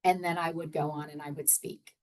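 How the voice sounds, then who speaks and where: A woman's voice: sits low, little pitch movement, brisk. Middle-aged woman coach talking casually on her podcast, lots of ums and restarts. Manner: chatty, with many fillers and self-corrections. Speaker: podcast host and executive coach. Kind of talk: casual solo podcast teaching.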